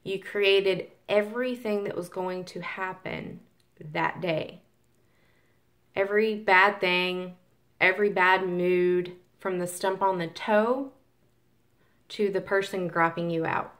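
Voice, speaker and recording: A woman's voice: on the low side, steady tone, slow pace, a bit bright. A woman vlogging casually about manifestation, rambling with many ums and restarts and acting out grumbling complaints. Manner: acts out grumbling quotes of tired workers. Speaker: spiritual vlogger. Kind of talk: casual talk to camera.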